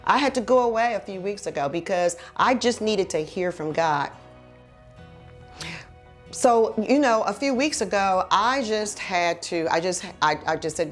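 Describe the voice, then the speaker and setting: A woman's voice: mid-range voice, animated, moderate pace, soft background music. A woman preaching a heartfelt sermon, telling her own story and then leading a prayer in an earnest, exhorting way.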